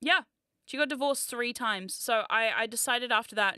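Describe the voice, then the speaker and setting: A thirty-something woman rambles through a casual livestream chat. Her fairly high voice is bright and dry close to the mic, and she swears freely and teases herself between bursts of laughter. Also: normal speed, clean tone, dry recording. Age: 30s. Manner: rambling, swearing, self-mocking, frequent laughs. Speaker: VTuber streamer.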